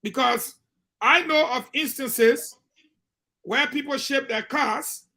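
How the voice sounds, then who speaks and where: A man with a Liberian English accent comments on a call-in radio program. His voice is bright and forceful, and he drives each point home by repeating it. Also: very high voice, slow. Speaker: political commentator on call-in show.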